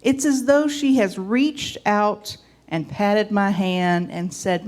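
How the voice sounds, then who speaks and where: A woman's voice: mid-range voice, takes it slowly, darkish tone. A woman in her forties from the American South with a Southern accent, giving a homey church reflection with scripture reading and folksy asides. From Southern United States.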